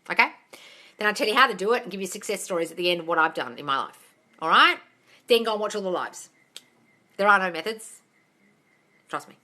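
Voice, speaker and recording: A woman's voice: medium pitch, pushed and bright. A woman hosting a casual live-stream Q&A on manifesting, talking bluntly and animatedly and swearing freely.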